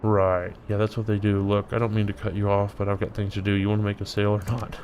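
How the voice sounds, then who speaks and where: A man's voice: on the low side, completely flat delivery, fast, a little mellow, slight background noise, lightly acted. A man reading out a curt game hero. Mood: impatient. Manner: plain read-aloud dialogue, curt.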